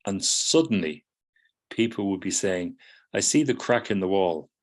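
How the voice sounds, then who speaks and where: A man's voice: low voice, expressive, unhurried. A middle-aged man teaching psychotherapy students, explaining patiently, often checking in with "do you see?" and acting out people's replies. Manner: acts out students' replies in quoted voices. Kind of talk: lecture to students.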